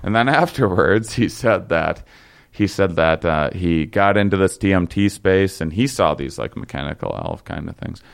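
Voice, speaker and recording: A young man with a very low, gravelly voice tells a story in loose, casual chat. He stumbles through it with fillers and false starts, but the tone underneath stays smooth and resonant. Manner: rambling, halting with fillers and restarts.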